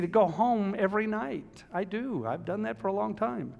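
An older man preaching a sermon, storytelling and emphatic, rising loud then dropping soft, in a church. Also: high voice, expressive, moderate pace, vocal fry, hardly any pauses. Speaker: pastor. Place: church sanctuary. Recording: long hall reverb.

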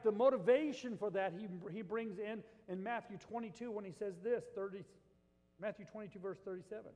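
High-pitched guy preaching, gets loud then drops real quiet, big echoey church hall. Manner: animated preaching, swinging from loud to hushed. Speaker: pastor. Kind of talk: sermon.

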